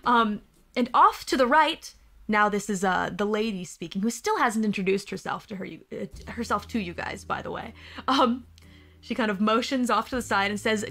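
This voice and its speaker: A woman's voice: mid-range voice, expressive, normal speed, a bit bright. A woman serving as game master, narrating a tabletop game in a rambling, hesitant way.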